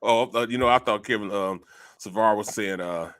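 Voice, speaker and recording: A man's voice: on the low side, normal speed, fairly bright tone, smooth. Laid-back middle-aged man talking sports. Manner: laughs often, uses bro and man. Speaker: co-host. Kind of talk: casual sports talk.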